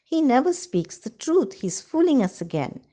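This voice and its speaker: A woman's voice: sits high, sing-song, moderate pace, mellow, voice pushed up. A woman voicing annoyed villagers who scold a boy in a stern tone.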